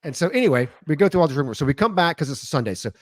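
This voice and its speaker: A podcast co-host with a fairly high-pitched voice races through animated stories in a casual conversation, acting out what people said in their voices. The recording has no room sound.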